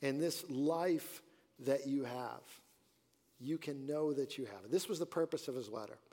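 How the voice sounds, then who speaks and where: A man's voice: mid-range voice, moderate pace, dark tone. Earnest male pastor preaching in a hall. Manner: earnest preaching, rising and dropping emphasis. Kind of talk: sermon. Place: church sanctuary. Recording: church hall reverb.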